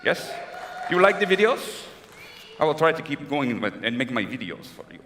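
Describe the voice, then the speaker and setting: A man's voice: on the high side, normal speed, a little hiss or hum, pitched below the performer's own voice. Man doing a gushing aging Latin film star. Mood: fawning. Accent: put-on Spanish. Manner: flattering, gushing, drawling. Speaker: convention guest performer. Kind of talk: live comedy impression on stage. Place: large convention hall. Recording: echoey hall with crowd.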